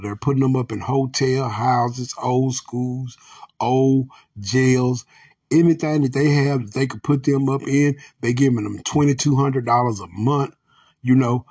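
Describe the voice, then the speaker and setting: A man's voice: mid-range voice, a little mellow, breathy edge. An American man hosting a podcast, ranting bluntly with heavy profanity and calling his listeners family. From United States. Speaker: podcast host. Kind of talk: angry ranting commentary.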